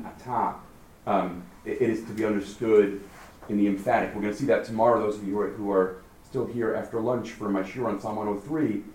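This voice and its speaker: A man leading a text study class, lively and questioning, thinking aloud as he explains. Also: fairly low pitch. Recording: roomy, far from the mic, faint noise.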